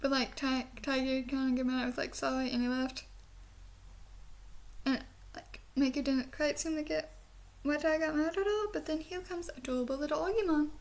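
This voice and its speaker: A woman from the southern United States reviews something in a casual, rambling way, her voice high and steady at a moderate pace. She's a video reviewer with a speech impediment she says sounds British. She giggles a lot, leans heavily on "like," and whispers soft asides.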